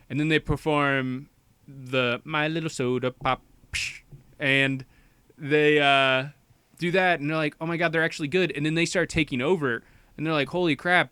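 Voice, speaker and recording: A man's voice: on the high side, a bit bright, clear, resonant tone, dry recording. Young male co-host, chatty plot-recap rambler; clean dry voice. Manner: rambling, quick quoted voices, many "like"s. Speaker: podcast co-host. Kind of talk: casual movie recap chat.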